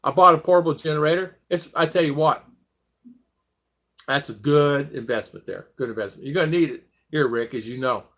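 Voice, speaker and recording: An older American man hosting a casual live stream, rambling as he reads viewer comments aloud. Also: a little fast. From United States. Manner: rambling, reads chat aloud, lively pitch swings.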